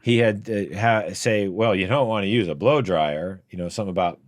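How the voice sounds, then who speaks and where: A man's voice: lowish voice, fairly quick, no room sound. A male podcast co-host and actor, telling rambling, hesitant anecdotes full of restarts. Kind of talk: casual podcast chat.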